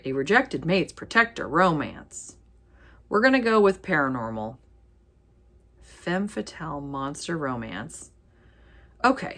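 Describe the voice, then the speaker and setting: Chatty woman vlogger, low voice that swoops widely, reading titles with playful asides. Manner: chatty, animated, reads titles aloud with quick asides and laughs. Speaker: book vlogger. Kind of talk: casual chat while sorting ebooks.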